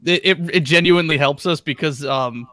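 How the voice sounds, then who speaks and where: Man, bright voice, easygoing, stream co-host, dry close sound. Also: a little high, fairly quick, no room sound. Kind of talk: casual chat.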